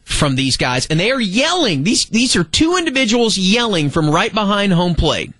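A man hosts sports radio from a studio, with a voice pitched a little high and a close, dry microphone sound. He tells stories with animated energy and jumps into loud imitations of fans. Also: moderate pace, no echo. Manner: animated storyteller, mimics fans' shouts. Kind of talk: casual sports radio banter.

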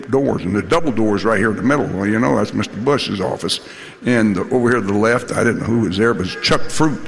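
A man's voice: lowish voice, creaky, long reverb tail. An older man telling folksy, salty anecdotes to a live audience, full of laughs and restarts. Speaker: former football coach telling stories.

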